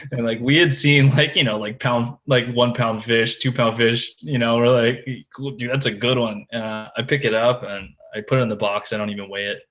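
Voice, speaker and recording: A man's voice: mid-range voice, steady tone, moderate pace, hardly any pauses, fairly bright tone. A man guesting on a podcast, telling a tournament fishing story in a casual way, full of "like" and "dude" and often restarting his sentences. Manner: restarts and repeats words while telling the story.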